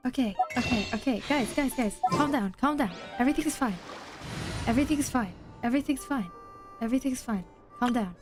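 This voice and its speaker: Young woman, game streamer, excitable chatter, slightly high voice, music playing behind. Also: a little fast. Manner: excitable, chatters to viewers, repeats phrases when flustered. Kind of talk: casual gaming stream chat.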